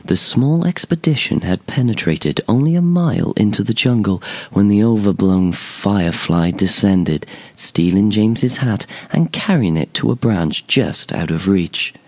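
A man narrating a fantasy short story in a measured, expressive storytelling manner. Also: fairly low pitch. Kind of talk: scripted narration.

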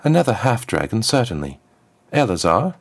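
A man voicing a calm, soft-spoken dragon queen in human form in a story reading. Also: lowish voice, normal speed, vocal fry, slightly rough, dry recording, pitched above the performer's own voice, full character voice. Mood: composed. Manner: soft, composed. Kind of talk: audiobook character voice.

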